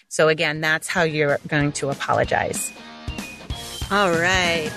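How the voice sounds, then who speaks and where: A woman's voice: low voice, measured pace, music in the background. A middle-aged woman hosting a parenting podcast, giving blunt, emphatic advice in a casual monologue. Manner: direct, blunt, emphatic with repetition.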